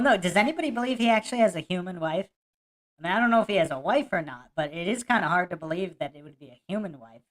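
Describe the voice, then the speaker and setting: A woman hosting a podcast, laughing often and mocking as she talks through a debate clip and reads chat comments aloud. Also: fairly low pitch. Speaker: podcast host. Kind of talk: casual live-stream commentary.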